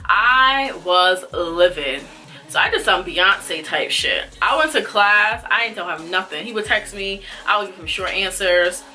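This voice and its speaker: A young woman tells a personal story straight to camera in a casual, chatty way. Her voice is bright and forward, and she slips into quoted dialogue with plenty of fillers. Faint music plays softly behind her. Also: medium pitch, measured pace. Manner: animated, acts out dialogue, frequent fillers. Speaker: vlogger. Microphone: camera mic.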